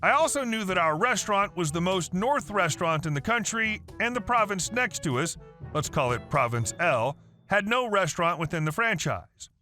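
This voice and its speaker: High bright guy reading a reddit-style story, bouncy delivery, soft music behind. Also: very animated, moderate pace. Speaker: story narrator. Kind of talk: scripted story narration. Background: faint background music.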